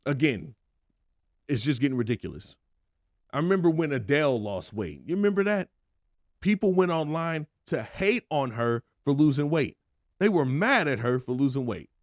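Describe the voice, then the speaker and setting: A man's voice: on the high side, big pitch swings, normal speed, no room sound, studio quality. A man hosting a podcast, giving an opinionated solo monologue in an emphatic, conversational way, full of rhetorical questions. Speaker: podcast host.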